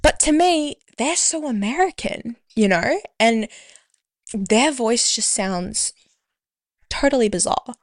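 A woman's voice: on the high side, animated, takes it slowly. A young Australian woman hosting a radio show, talking casually in a rambling, self-deprecating way. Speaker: community radio host.

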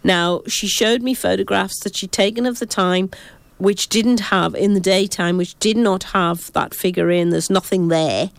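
A woman with a gravelly, fry-laced voice chats about ghost sightings, often cutting herself off and starting over. She talks as a psychic, recorded close and dry. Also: medium pitch, steady tone, moderate pace, no room sound. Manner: rambling, self-interrupting storytelling. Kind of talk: casual ghost-story chat.

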